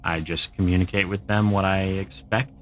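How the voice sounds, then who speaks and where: A man's voice: low-pitched, steady tone, normal speed, a little hiss or hum. A middle-aged man streaming a game, chatting casually and answering viewer comments as he plays. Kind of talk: casual gameplay chat.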